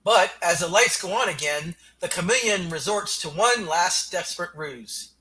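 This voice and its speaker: Man reading comic captions, high. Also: animated, moderate pace, bright, forceful tone, poor audio. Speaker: narrator.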